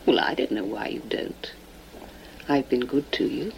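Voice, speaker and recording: A woman's voice: rumbling low, a little slow, creaky, in a whisper, full character voice. An actress playing a cold, cynical woman taunting her lover in a film scene. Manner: cool, taunting. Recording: dull lo-fi film audio.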